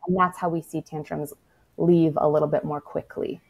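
A woman's voice: sits low, level tone, normal speed, creaky, darkish tone, husky. A woman speaking as a toddler-parenting expert in a casual podcast conversation, frank and matter-of-fact, with lots of "like" and the odd swear word.

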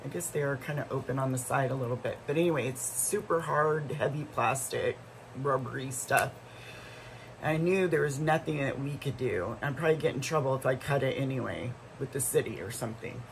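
A woman's voice: rumbling low, fairly quick, a little hiss or hum, rough recording. A middle-aged woman vlogger telling a story in a casual, rambling way, full of asides and restarts.

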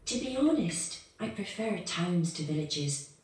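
A woman's voice: on the low side, lively intonation, unhurried, a little mellow. A woman playing a client looking for a place to rent in a scripted coursebook dialogue, speaking frankly. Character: adult woman client, new to town. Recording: echoey playback heard from far off.

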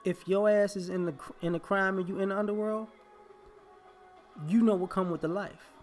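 A man's voice: high-pitched, fairly even intonation, moderate pace, faint music behind. A man, delivering an emphatic, confrontational opinion monologue as a vlogger.

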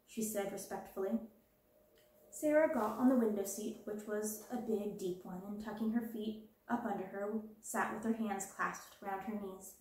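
A woman reading a children's classic aloud as a storyteller, with gentle, even narration. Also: mid-range voice, normal speed, heavy reverb, poor audio.

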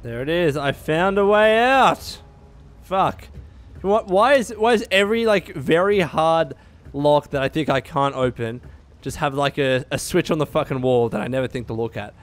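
A man giving casual, profane gameplay commentary, excitable and quick to laugh. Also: a little high. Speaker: let's play gamer.

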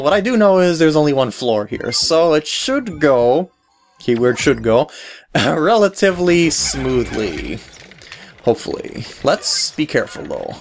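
A woman hosting a let's play, giving giggly, self-mocking commentary as she plays. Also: very deep voice. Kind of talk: gameplay commentary.

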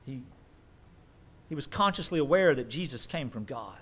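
A man preaching a sermon as pastor, emphatic and conversational, with quick asides. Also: medium pitch, animated, a bit bright, breathy edge.

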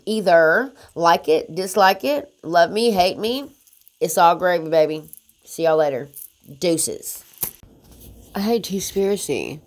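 A young adult woman ranting to the camera as a commentary vlogger, blunt and confrontational, swearing heavily. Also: on the low side. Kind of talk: profane drama commentary rant.

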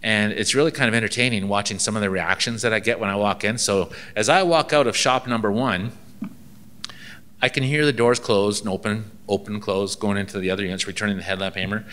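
A man with a low-leaning, bright and forceful voice gives a seminar, drifting into anecdotes. He acts out little exchanges with a dry, wry sense of humor. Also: fairly even intonation, brisk. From Canada. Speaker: ministry inspector giving a seminar.

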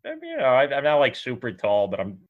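A man co-hosting a casual podcast chat about films, speaking in halting phrases with frequent restarts and fillers. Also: mid-range voice, huge pitch swings, narrow, tinny audio. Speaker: podcast co-host.

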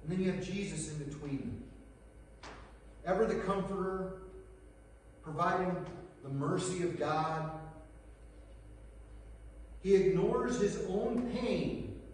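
A male pastor preaches earnestly, leaning on dramatic pauses and dropping to a hush for the retold scenes. His voice sits high and rings out in a large hall with a long echo. The mic is far from him, with faint room ambience beneath. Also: a little hiss or hum. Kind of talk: sermon. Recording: echoey hall recorded from far off.

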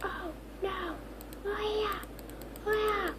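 A woman hosting gameplay commentary, talking excitably with frequent squealing exclamations. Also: sits high, slow, slight background noise. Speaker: gaming video host.

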